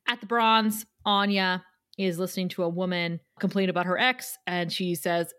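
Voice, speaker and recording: Dry-sounding woman recapping with lively laughs. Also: medium pitch, moderate pace, no room sound. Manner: animated retelling, quoting characters, laughs often. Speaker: podcast co-host. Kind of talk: casual recap chat.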